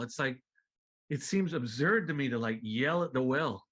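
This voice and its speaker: A man talking as a guest in a casual interview, laid-back and profane, acting out other people's lines in a high voice and laughing often. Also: a little slow. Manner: animated storyteller, acts out quotes in high voices. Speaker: guest musician.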